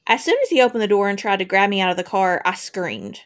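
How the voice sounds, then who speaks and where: A woman's voice: medium pitch, fast. A woman reading a true crime case aloud on a podcast. Her delivery stays casual and conversational, and she voices long first-person accounts between asides. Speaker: podcast co-host.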